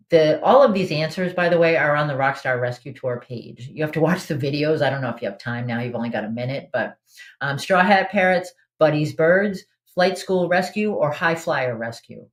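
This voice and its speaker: A woman hosting a live online trivia game in a casual, chatty way, reading out answer options and laughing often. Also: sits low. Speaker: trivia host.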